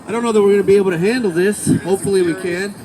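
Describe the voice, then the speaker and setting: Mock-excited high-voiced male co-host. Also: very fast, a crowd in the background. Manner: mock-excited, joking hype. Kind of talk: livestream opening banter. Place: outdoors in a city park. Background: music.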